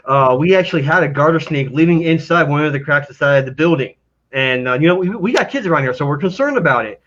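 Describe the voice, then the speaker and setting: Laid-back rambling co-host on dull audio. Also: male voice, on the high side, lively intonation, fast talker, fairly bright tone. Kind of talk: casual chat.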